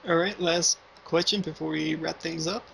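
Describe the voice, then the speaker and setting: High-pitched, bright young male host. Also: steady tone, moderate pace, creaky, a little hiss or hum, rough recording. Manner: brief, easygoing questions. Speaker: interview host. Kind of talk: casual interview questions.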